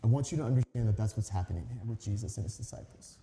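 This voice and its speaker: A man's voice: lowish voice, very fast, mellow. A man in his thirties preaching a sermon as a pastor, telling a story in a conversational, earnest way with emphatic stresses. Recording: echoey hall reverb.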